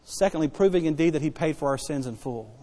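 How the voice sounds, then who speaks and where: A man preaching a sermon as pastor, emphatic and repetitive, dropping soft then rising loud to stress his points. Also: on the high side, expressive, quick pace. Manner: emphatic preaching, repeats key phrases, swings between soft and loud. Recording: long hall reverb.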